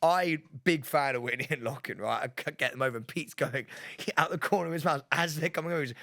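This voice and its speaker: Man, fairly high voice, podcast co-host, casual chat, laughs a lot, dry close mic. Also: fast talker, few pauses, no echo. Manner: laughs often while telling animated anecdotes.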